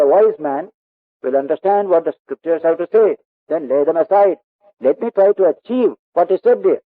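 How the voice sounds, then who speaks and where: Indian-accented monk, earnest lecture on a tinny recording. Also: male voice, a little high, no echo. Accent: Indian English. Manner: earnest, emphatic, repeats key words, recites Sanskrit verses. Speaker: monk teacher. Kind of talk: spiritual discourse on scripture.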